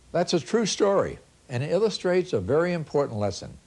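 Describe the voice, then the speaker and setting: Middle-aged male speaker, lively storyteller, high and expressive. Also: a little fast. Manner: animated storyteller acting out dialogue, with big swings from loud to hushed. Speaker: motivational speaker on customer service. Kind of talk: storytelling keynote talk.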